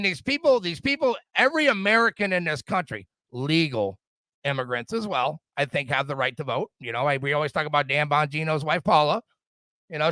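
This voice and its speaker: A middle-aged man hosts a podcast in a heated, profane rant, tripping over repeated words as he pushes his points. His voice sits high and bright. The sound is close and dry. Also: dry recording. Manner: profane, fired-up, repetitive stammering restarts. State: drinking whiskey. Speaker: podcast host. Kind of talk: casual political rant.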